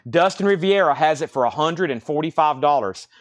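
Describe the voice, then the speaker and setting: Brisk man calling a live record sale. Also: a little high, expressive. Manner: rapid-fire listing of prices and bids. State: out of breath. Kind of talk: livestream auction patter.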